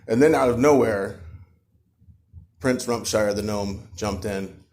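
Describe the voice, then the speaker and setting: A man's voice: fairly low pitch, slow pace. Man improvising a bedtime story. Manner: casual, animated, with fillers. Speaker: parent telling a bedtime story.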